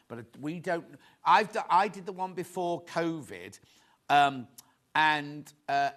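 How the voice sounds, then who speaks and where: A man presenting a live shopping show, chatty and excitable, rambling to the crew and viewers between sales. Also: mid-range voice. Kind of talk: live selling chat.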